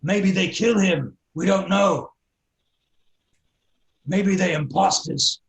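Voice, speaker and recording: Half-orc woman warrior, a man putting her on, blunt, broken English, slow and loud, higher voice. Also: vocal fry, roomy sound, full character voice. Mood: urgent.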